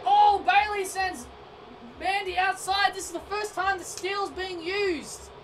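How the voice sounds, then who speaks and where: A woman doing excitable play-by-play wrestling commentary over a video game, often shouting and tripping over her words. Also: very high-pitched, measured pace. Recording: distant mic with noisy background.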